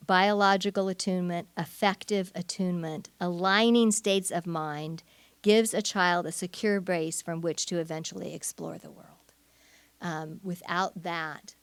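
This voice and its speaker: A woman's voice: on the low side, no echo. Woman teaching casually in church. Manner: conversational, warm-hearted with frequent fillers and restarts. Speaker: church speaker.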